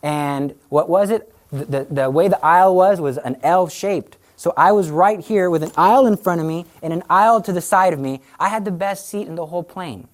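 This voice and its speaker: Low-voiced woman giving a lively faith talk. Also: normal speed, few pauses. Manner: animated storytelling, acts out quoted voices. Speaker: Catholic speaker on the rosary. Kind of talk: conversational religious talk to an audience.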